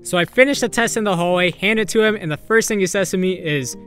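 A young man telling a story in a casual, animated way, swearing and acting out the quotes. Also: sits high, quick pace, hardly any pauses, faint music behind. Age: young adult. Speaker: YouTuber.

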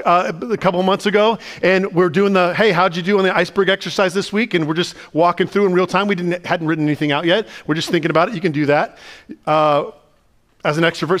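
A man, the pastor, preaching a sermon in a conversational, animated way and asking the listeners lots of questions. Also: high-pitched. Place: church sanctuary.

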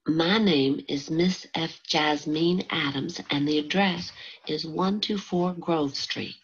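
Casting note: woman voicing a restless young girl, eager and impulsive, husky low voice, dull lo-fi recording. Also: exaggerated voice. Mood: earnest. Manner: eager, impulsive, higher and faster than the narration. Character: restless twelve-year-old Southern tomboy girl.

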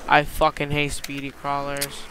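Excitable, foul-mouthed gamer guy. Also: on the high side, unhurried, background noise. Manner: profane, excitable, mixes in Spanish slang. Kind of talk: gameplay commentary. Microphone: cheap headset mic.

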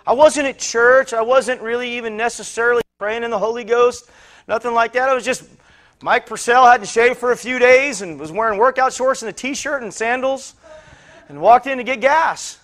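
Man, high voice, pastor, sermon storytelling, rambling, repeats himself. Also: moderate pace, a bit bright. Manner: rambling, repeats words, acts out quoted voices.

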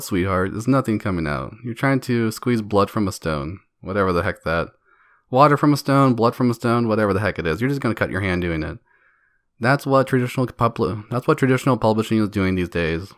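A man's voice: on the low side, a little fast, no echo, clean studio sound. Profane, mocking male podcast host. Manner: profane, mocking, laughs between jabs. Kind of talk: solo podcast rant.

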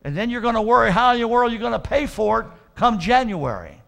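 Male pastor, sermon delivery; high, gravelly voice, earnest, repetitive restarts, punchy emphatic warnings. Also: sing-song, a little fast. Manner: earnest preaching with frequent repeated "and, and" restarts; swells to loud emphatic warnings.

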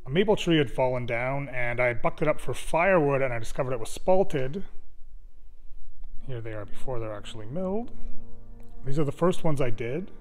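A man giving a relaxed, chatty vlog update on his projects. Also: mid-range voice, moderate pace, soft background music. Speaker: vlogger. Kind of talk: casual vlog narration.

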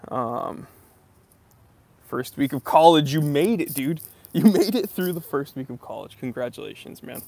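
A man's voice: on the high side, expressive, normal speed, gravelly, mellow. A man from New England hosting a live stream outdoors outside a library, greeting viewers by name in an upbeat, casual way.

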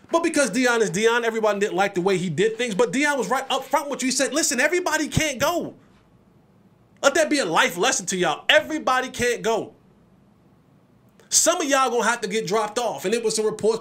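A man hosting a sports podcast, talking in an animated, emphatic way, repeating words as he builds his points. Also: very high-pitched. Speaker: podcast host.

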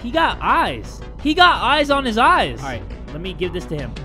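A man giving excitable, jokey let's play commentary, with sudden yelps and casual swearing. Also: high voice, normal speed. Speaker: gaming YouTuber. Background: game music.

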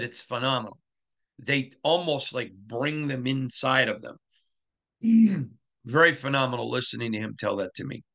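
A man's voice: medium pitch, bright, forceful tone. A middle-aged man hosting a sports podcast, talking in an emphatic monologue and repeating lines for effect. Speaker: podcast host.

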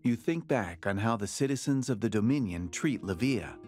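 A man's voice: lowish voice, expressive, normal speed, a little mellow. A man narrating a card game in a storybook, second-person style. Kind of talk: scripted narration. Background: game music.

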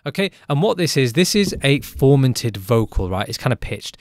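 A man who produces music gives a casual, upbeat tutorial in a chatty way, often tagging lines with a quick question. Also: medium pitch, big pitch swings, no echo, clean studio sound.

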